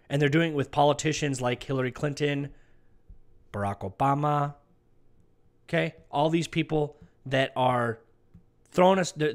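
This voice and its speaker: A man's voice: fairly high pitch, a bit bright. Emphatic man giving political commentary. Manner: emphatic, repeats "okay" as a tag. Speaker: online commentator.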